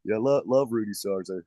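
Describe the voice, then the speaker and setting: A man, a bass player rambling with many fillers as a guest in a casual podcast interview. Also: mellow, dry recording.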